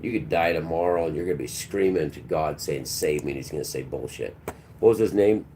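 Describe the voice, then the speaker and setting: Man, low mellow voice, preachy livestream rant, snaps at chat. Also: quick pace, a little hiss or hum. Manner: preachy and combative, talks back to chat. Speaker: livestream host. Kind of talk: ranting livestream monologue.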